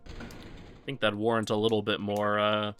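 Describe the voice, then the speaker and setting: A man's voice: on the low side, completely flat delivery, unhurried, fairly bright tone, faint music behind. A man casually commenting on his live-streamed game speedrun, rambling with lots of fillers.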